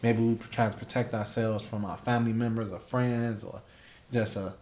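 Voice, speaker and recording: Low-voiced man hosting a podcast. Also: steady tone, moderate pace, a little mellow, roomy sound. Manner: emphatic, repeats "like" and "right?". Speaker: podcast host. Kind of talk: casual interview chat.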